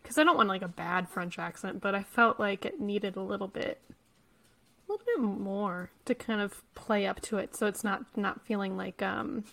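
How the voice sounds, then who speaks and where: A young woman co-hosting a casual trailer reaction chat, relaxed and agreeable, trailing off in fillers. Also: mid-range voice, moderate pace, vocal fry. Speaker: co-host.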